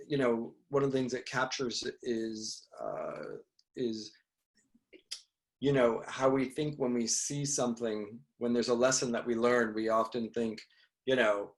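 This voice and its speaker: A man's voice: medium pitch, unhurried. A male podcast host asking long, hesitant questions full of fillers in a casual interview.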